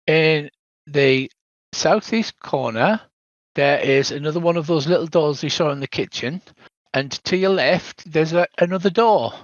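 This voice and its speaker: A man's voice: a little high, dry recording. An older man running a tabletop game as game master, narrating the scenes at length and now and then adding "so there is". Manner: descriptive, tosses in "so there is". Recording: dull lo-fi dry sound.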